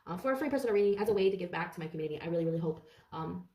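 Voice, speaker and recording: Fast-talking, profane woman tarot reader. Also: lowish voice, roomy sound, distant mic, background noise. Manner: fast, profane, animated and talkative. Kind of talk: casual tarot reading to camera.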